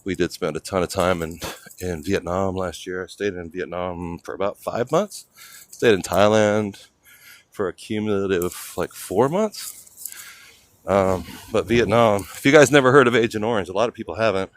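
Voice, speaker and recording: A man's voice: low-pitched, moderate pace, no room sound. An older man from California hosting a casual livestream while walking city streets, rambling and chatting with viewers. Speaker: livestream host.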